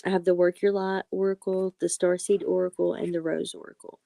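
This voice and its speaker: A woman hosts a live card-reading stream in a low, gravelly voice with heavy vocal fry. Her tone is mellow and dark, recorded dry and close. She speaks gently to her viewers, calling them sweetie and honey. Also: little pitch movement, brisk, no room sound. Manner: soft-spoken, affectionate, calls viewers sweetie and honey; apologetic and reassuring. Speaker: livestream tarot and oracle card reader.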